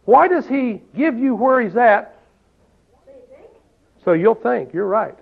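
A man's voice: very high-pitched, animated, slow, gravelly, breathy edge. A man preaching a sermon in a folksy way, often asking the listeners questions and saying "see?". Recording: tinny phone-like sound.

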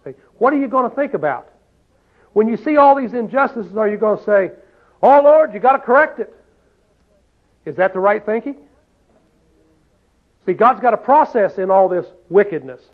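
A man's voice: high-pitched, expressive, normal speed, long pauses. A man preaching a sermon in a folksy way, often asking the listeners questions and saying "see?". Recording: tinny phone-like sound.

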